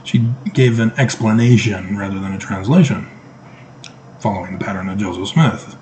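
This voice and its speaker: A man's voice: lowish voice, moderate pace, a little mellow, a little hiss or hum, low-quality recording. A middle-aged man talking to camera in a casual monologue, emphatic and sarcastic, throwing out rhetorical questions. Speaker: vlogger.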